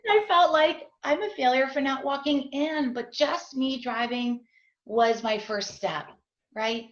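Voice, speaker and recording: Speaking over a video call from an echoey room, this middle-aged guest shares her story as a parent in an interview. Her voice sits high and unhurried, and the sound is dull. She's earnest and confessional, frequently asking "right?".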